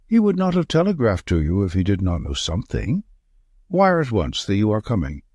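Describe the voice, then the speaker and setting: A man's voice: fairly low pitch, wildly swooping pitch, fairly quick, darkish tone, dry recording, heavily acted. A man voicing a grave, commanding male detective who speaks with emphasis. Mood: stern.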